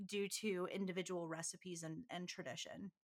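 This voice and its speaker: A woman's voice: on the low side, fairly even intonation, normal speed. A woman co-hosting a podcast, chatting and explaining things with frequent laughs. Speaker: podcast co-host. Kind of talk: casual chat.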